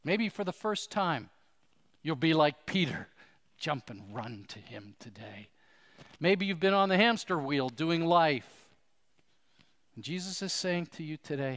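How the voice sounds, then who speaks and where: A man's voice: a little high, lively intonation, takes it slowly, pauses often, fairly bright tone, in a large hall. A man preaching a sermon as pastor, earnest and pleading, asking his listeners questions.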